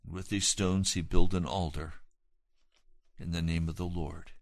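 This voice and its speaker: A man preaching a sermon, retelling scripture with dramatic emphasis and swelling loud at the high points. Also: level tone, unhurried, dry recording.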